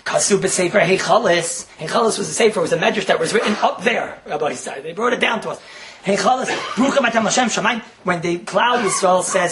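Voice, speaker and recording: A man teaching a Torah class and telling stories, animated and often laughing as he talks. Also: sits high, fast.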